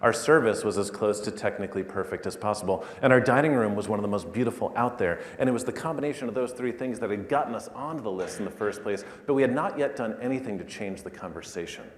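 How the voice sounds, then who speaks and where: Animated man in an echoey hall. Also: lowish voice, quick pace, few pauses. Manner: animated storyteller, building to loud peaks. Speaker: keynote speaker. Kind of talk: conference keynote storytelling. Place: large conference hall. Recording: echoey hall, speaker a little far.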